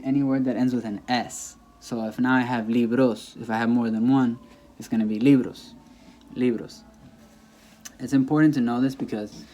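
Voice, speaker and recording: Male teacher, warm low-key tone, patient, casual explainer. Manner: patient, repeats words slowly for emphasis, checks in with "okay?". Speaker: Spanish teacher.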